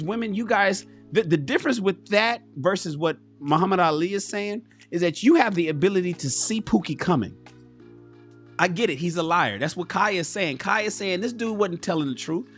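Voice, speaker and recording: Animated high-voiced man hosting a stream. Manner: animated, emphatic, profane, addresses viewers directly. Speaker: livestream talk show host. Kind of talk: casual livestream commentary.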